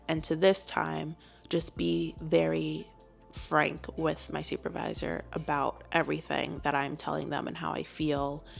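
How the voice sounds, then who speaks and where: A young woman, a clinical psychologist, chatting casually in a storytime video, full of fillers and lively quotes. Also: low-pitched, vocal fry. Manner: chatty, lots of fillers, animated quoting.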